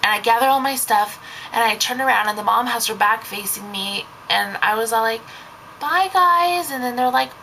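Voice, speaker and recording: A woman's voice: fairly high pitch, fairly even intonation, fairly quick, creaky, bright, forceful tone, a little hiss or hum, low-quality recording. A young woman, a babysitter, telling a story in a casual vlog, rambling and saying "like" constantly. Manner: rambling, heavy use of "like".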